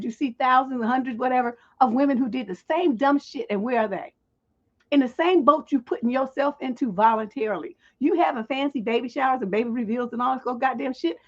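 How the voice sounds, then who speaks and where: Blunt, husky-voiced woman advice host. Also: sits high, muffled recording. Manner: blunt, profane, scolding. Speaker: relationship coach and livestream host. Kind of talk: livestream advice talk.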